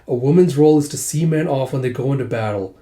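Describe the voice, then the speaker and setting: A man reading the lines of a composed noblewoman, a lord's mother, in a calm, measured way. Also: mid-range voice, close to an everyday voice. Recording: echoey room.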